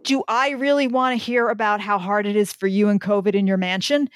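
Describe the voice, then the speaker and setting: A woman's voice: medium pitch, brisk, clean tone, dry recording. A woman author ranting bluntly in a candid podcast chat, swearing freely. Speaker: guest, fantasy author.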